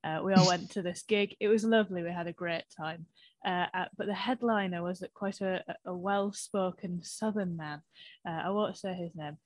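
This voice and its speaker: A woman comedian from the north of England in casual chat, hesitant and halting. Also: lowish voice, fairly even intonation, no echo. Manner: hesitant, many fillers and restarts.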